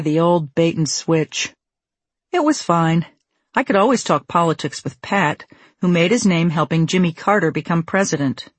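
A woman narrating her own memoir as an audiobook, with a wry, measured delivery on a close microphone. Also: on the low side, husky, no echo.

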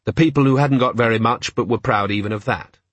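A man narrating an audiobook in a measured, wry storytelling manner. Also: medium pitch, dry recording. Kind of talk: scripted narration.

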